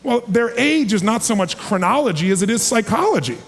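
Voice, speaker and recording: A man in his forties giving an energetic, emphatic seminar talk to a live audience, calling for responses. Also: high-pitched, a little fast. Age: 40s. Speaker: motivational speaker. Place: large hall with a live audience. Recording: long hall reverb.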